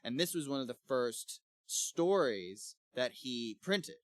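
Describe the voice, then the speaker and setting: A young man co-hosting a casual book club podcast, talking in a relaxed, rambling way and laughing often. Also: medium pitch, takes it slowly, no echo, clean studio sound. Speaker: podcast co-host.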